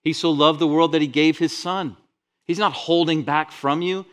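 Animated pastor with a higher voice. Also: male voice, normal speed. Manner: animated preaching, swells loud on scripture quotes; drops to quiet, intimate asides. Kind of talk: sermon.

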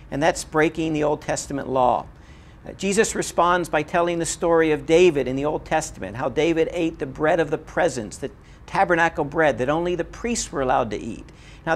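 A man giving a recorded Bible lecture, earnest and emphatic, repeating his key points. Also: fairly high pitch. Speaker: Bible teacher.

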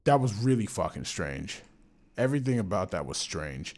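A man streaming a game, reacting in a voice that jumps up and down in pitch, excitable and quick to swear. He gets jittery and jokey when nervous, and faint music runs underneath. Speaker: gameplay streamer. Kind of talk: let's play commentary.

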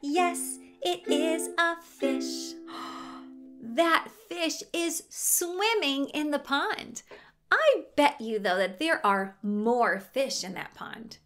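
Over a ukulele backing, a young woman speaks and sings to toddlers on an outdoor learning show. She has a high voice with lively intonation and takes her time, using gasps and coaxing questions in a sing-song delivery.

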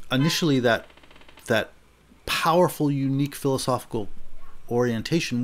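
A man's voice: medium pitch, darkish tone. A middle-aged man giving a recorded philosophy lecture in a thoughtful, conversational way, often restarting and checking in with "right?".

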